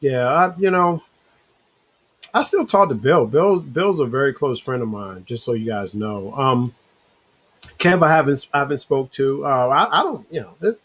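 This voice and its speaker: A man hosting a casual motivational talk show, rambling and animated, acting out inner voices, with a slight cough. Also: medium pitch, normal speed, breathy edge, rough recording. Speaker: show host.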